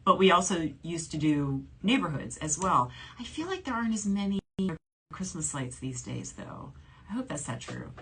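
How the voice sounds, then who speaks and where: A woman's voice: fairly low pitch, very animated, moderate pace, fairly bright tone, breathy edge. A woman in her forties from New Orleans, a shopping channel host chatting casually on a livestream, reading viewer comments aloud and laughing often. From New Orleans, USA. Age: 40s.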